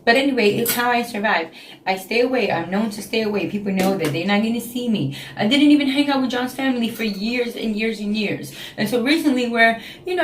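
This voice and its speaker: A woman's voice: a little high, slight background noise. Woman, late 30s, New York accent, emotional confessional vlogger, echoey room. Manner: frank, emotional, talks in repeated phrases. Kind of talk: casual confessional vlog. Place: home, indoors.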